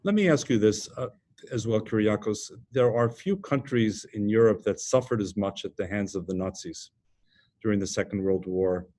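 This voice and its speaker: A man's voice: fairly low pitch, normal speed, a little mellow. A man interviewing a national leader over a video call, asking long, formally phrased questions in a composed manner.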